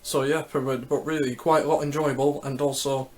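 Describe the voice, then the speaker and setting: A man's voice: mid-range voice, flat delivery, normal speed, a little hiss or hum. A man giving casual vlog commentary on a ranking list, talking hesitantly, repeating words and falling back on "so yep" while he searches for what to say. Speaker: YouTuber ranking Olympic Games.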